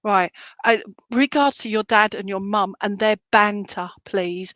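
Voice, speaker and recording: A woman, a spiritualist medium giving a halting, chatty clairvoyant reading full of fillers and restarts. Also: mid-range voice, steady tone, a bit bright, no echo. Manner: relays spirit messages in a chatty, jokey way. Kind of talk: clairvoyant reading in an online church service.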